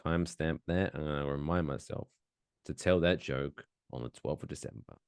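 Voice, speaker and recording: A man's voice: rumbling low, normal speed, vocal fry, darkish tone, clean tone, no room sound, studio quality. A man co-hosting a podcast in casual banter, playful, with announcer-style build-ups that draw out names. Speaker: podcast co-host.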